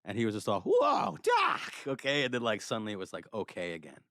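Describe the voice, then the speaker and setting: A man hosting a panel, telling animated, profane anecdotes and doing impressions. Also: lowish voice, racing, no room sound, clean studio sound. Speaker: panel host. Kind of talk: casual chat, storytelling.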